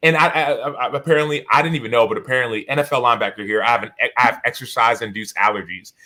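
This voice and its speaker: A man's voice: medium pitch, rapid-fire, pushed and bright. A man in his thirties, a podcast guest and author, telling stories animatedly in a casual interview, acting out quotes with many restarts.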